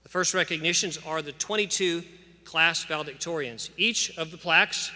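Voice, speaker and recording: A man's voice: a little high, normal speed, pushed and bright. A man giving an earnest, emphatic commencement address with scripture, in a preacherly cadence to graduates in a large church. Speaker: school official addressing graduates. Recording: long church-hall reverb.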